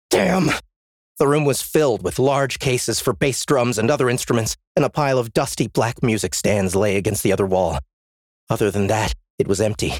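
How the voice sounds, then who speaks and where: A man's voice: medium pitch, no room sound, studio quality. A man narrating a first-person story as an audiobook, in a tense, dramatic reading.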